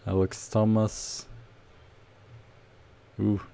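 Gravelly, slow-talking male game streamer. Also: on the low side. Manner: nervous, excitable play-by-play with outbursts. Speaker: gaming streamer. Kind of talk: casual game commentary.

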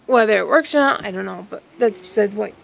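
Rambling, excitable woman with a gravelly voice. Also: medium pitch, fairly quick, a little hiss or hum, low-quality recording. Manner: rambling, excitable, with exclamations and self-interruptions. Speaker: vlogger. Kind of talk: casual storytelling vlog. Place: outdoors in a yard.

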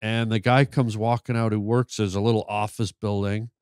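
A man telling a long story on a podcast, animated and full of stammered restarts. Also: lowish voice, moderate pace, clear, resonant tone, no echo, studio quality. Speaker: podcast guest. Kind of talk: storytelling in casual chat.

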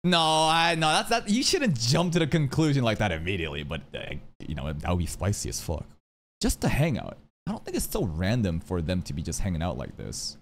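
A man streaming a casual anime reaction, animated and swearing freely, dropping into low asides between excited outbursts. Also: brisk.

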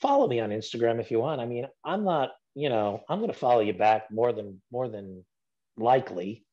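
A man's voice: medium pitch, a little fast, highs cut off. A middle-aged man, a guest actor, chatting casually and rambling with fillers on a video call. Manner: relaxed, rambling with fillers and restarts. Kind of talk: casual podcast chat.

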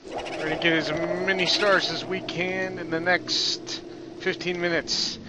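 A man's voice: high voice, little pitch movement, a little slow, heavy background noise. A man hosting a let's play, giving casual, chatty commentary as he plays, amused with himself and thinking aloud, with game music behind. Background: video game music.

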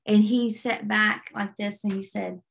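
A woman's voice: medium pitch, little pitch movement, unhurried, gravelly. A woman minister giving an earnest testimony, retelling a dream vividly in a sermon. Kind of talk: sermon storytelling.

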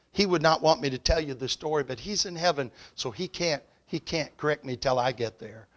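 A man preaching a revival sermon in a church. He tells a story and swells loud and high at the climaxes, then drops soft at the closes. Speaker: evangelist preacher. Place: church sanctuary.

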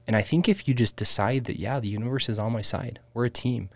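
A man co-hosting a podcast, in relaxed spiritual chat, dropping "dude" and "like" often. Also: mid-range voice, quick pace, gravelly, hardly any pauses, dry recording. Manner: relaxed, says "dude" and "like" a lot. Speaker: podcast co-host.

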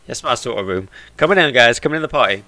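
A man's voice: mid-range voice, animated, fast talker, sharp tone, dry recording, faint music behind. A man giving chatty, jokey let's-play commentary and talking to the characters on screen. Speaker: gaming YouTuber.

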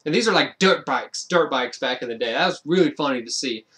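A man's voice: medium pitch, expressive, brisk, a bit bright. A man giving a casual, rambling film review, with lots of fillers and restarts and frequent amused laughs.

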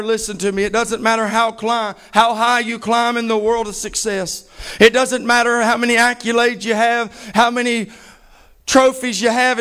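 Male pastor, high-pitched, fervent repetitive sermon delivery. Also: fairly bright tone, clear, resonant tone. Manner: fervent, emphatic preaching with heavy repetition.

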